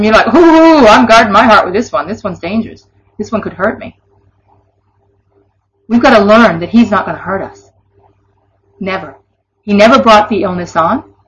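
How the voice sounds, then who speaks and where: A woman giving an informal Christian devotional teaching, earnest and conversational, with laughing asides. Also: mid-range voice. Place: online or broadcast session. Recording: dull lo-fi recording.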